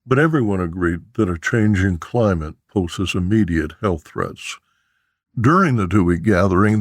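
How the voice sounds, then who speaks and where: A man reads scripted news headlines in a measured, even newsreader manner. His voice sits low, and the recording is dry with no room sound. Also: no echo. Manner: measured, steady newsreader delivery. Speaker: news podcast host.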